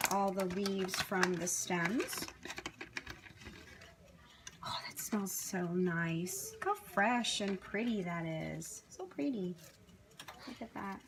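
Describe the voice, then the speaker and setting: A woman's voice: mid-range voice, background noise. A woman talking casually to the camera as she chops vegetables and cooks at home, thinking aloud as she follows a recipe. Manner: chatty, thinking aloud while chopping. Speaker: home cook. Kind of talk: casual cooking vlog narration. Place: home kitchen. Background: clatter of knives, dishes and pans.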